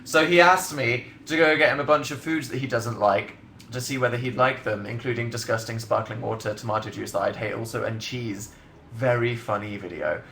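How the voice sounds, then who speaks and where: A man's voice: medium pitch, fairly quick, gravelly, bright, forceful tone, reverberant, slight background noise. A young man in his twenties chatting casually on a livestream, rambling and sardonic, laughing often as he reads out comments. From England. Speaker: livestream host. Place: bedroom livestream setup, indoors.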